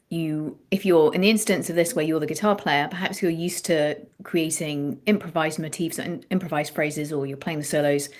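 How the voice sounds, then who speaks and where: Woman, songwriting coach, slightly low voice, animated, restarts phrases, interview chat. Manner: animated, thinks aloud with frequent restarts.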